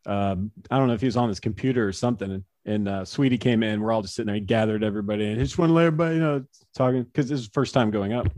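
A man in his forties, a former pro pitcher, telling stories as an interview guest, chatty and laughing often, with lots of fillers. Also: rapid-fire, darkish tone, no room sound. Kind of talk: casual storytelling in an interview.

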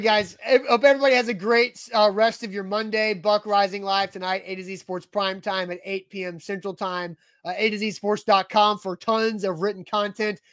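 A man co-hosting a sports podcast in casual chat, relaxed and firm in his views, who also closes the show. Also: high voice, no room sound, studio quality.

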